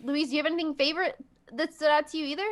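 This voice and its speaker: A woman's voice: sits high, steady tone, rapid-fire, a bit bright. A woman hosting a podcast in casual chat, chatty and jokey, laughing often. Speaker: podcast host.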